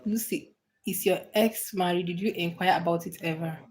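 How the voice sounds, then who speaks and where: A woman's voice: on the low side, steady tone, normal speed, a little mellow. A woman hosting a casual livestream, answering viewers' comments with frequent laughter and repeated, restarted phrases. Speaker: livestream host.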